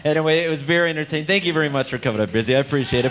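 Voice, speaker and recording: A man's voice: fairly high pitch, racing, background noise. A man hosting a talent show on a ship's stage with a handheld mic, teasing and joking with contestants. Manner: teasing, playful banter with contestants. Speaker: cruise ship talent show host. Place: ship theater stage.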